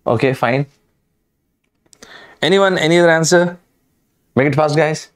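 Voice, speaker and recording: A man's voice: fairly high pitch, measured pace. A man teaching a live online lesson, emphatic and addressing students directly, repeating key words. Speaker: online exam-prep teacher.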